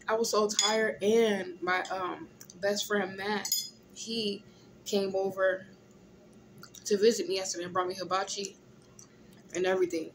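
A groggy, tired young woman, casually chatting in a vlog from a hospital room, often clearing her throat. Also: mid-range voice, background noise. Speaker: vlogger. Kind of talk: casual vlog chat while eating.

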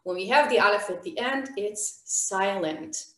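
A woman's voice: medium pitch, lively intonation, a little slow, a bit bright, roomy sound. A woman teaching an online beginner Hebrew class, encouraging and calling on students by name.

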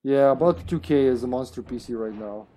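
A man streaming a survival game live, chatting excitably, joking and swearing as he plays. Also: medium pitch, fairly quick, slight background noise. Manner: excitable, swears, jokes around. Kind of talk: live gameplay chat.

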